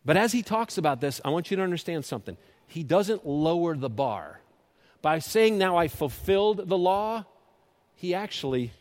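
In this sermon, the preacher speaks at a moderate pace with a sing-song lilt. He is passionate, rising to loud climaxes and dropping to quiet, low pleas, frequently repeating words or starting them over.

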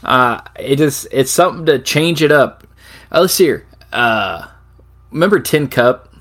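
A man's voice: medium pitch, expressive, a little slow, fairly bright tone. Laughing, rambling middle-aged man. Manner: laughs often, rambling storyteller. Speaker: podcast co-host. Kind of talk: casual chat.

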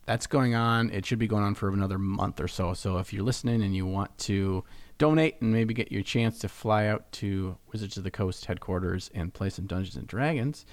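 A young man with a lowish voice co-hosts a relaxed hobby podcast, rambling along and cracking jokes at his own expense. The sound is dry and close, with no room echo. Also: moderate pace. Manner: joking, rambling, self-mocking. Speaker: podcast co-host. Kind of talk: casual hobby podcast chat.

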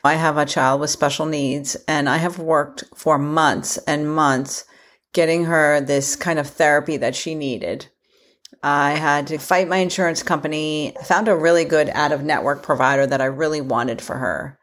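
A woman's voice: low voice, fairly even intonation, normal speed, a bit bright. A middle-aged woman hosting her own podcast, talking in an earnest, repetitive, self-reflective way. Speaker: podcast host. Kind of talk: casual solo podcast talk.

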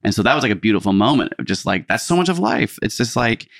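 Low-voiced guy on a podcast, thoughtful and earnest, dry close sound. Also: big pitch swings, fast talker, dry recording. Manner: reflective, earnest, heavy use of "like". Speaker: podcast co-host. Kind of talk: casual storytelling chat.

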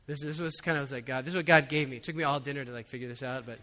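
Bright-voiced pastor in a reverberant hall. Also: male voice, mid-range voice, fairly even intonation, rapid-fire. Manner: conversational, chuckling, frequent "you know". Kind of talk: sermon with personal story.

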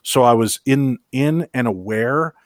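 Animated man telling a story, dry sound. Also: mid-range voice, a little slow, no room sound. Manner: animated, repeats words when excited. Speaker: podcast guest. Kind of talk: casual storytelling chat.

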